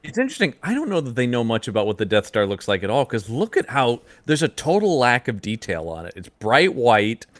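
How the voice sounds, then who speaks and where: Animated man in casual podcast chat. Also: mid-range voice, a little fast, hardly any pauses, dry recording. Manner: animated, breaks into loud mock voices. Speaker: podcast co-host. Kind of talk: casual comic-book discussion.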